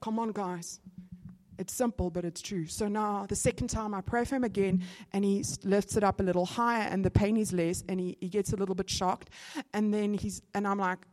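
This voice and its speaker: A woman's voice: mid-range voice, brisk. A woman with a South African accent preaching a testimony sermon and acting out conversations as she tells them. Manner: animated storytelling, acting out conversations. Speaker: church speaker.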